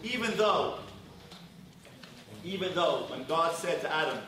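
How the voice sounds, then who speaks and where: A man's voice: a little high, animated, a little slow, pauses often, sharp tone. A man teaching a marriage class as a rabbi, questioning and prompting his audience in an interactive lecture. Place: large synagogue hall with a packed audience. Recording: echoey hall from far off, audience noise.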